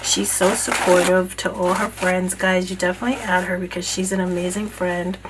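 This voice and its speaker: A woman vlogger gushing over gifts in a casual unboxing video, bursting with excitement and often dropping to a hushed voice. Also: fairly low pitch, normal speed, slight background noise, poor audio. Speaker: beauty vlogger. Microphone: camera mic.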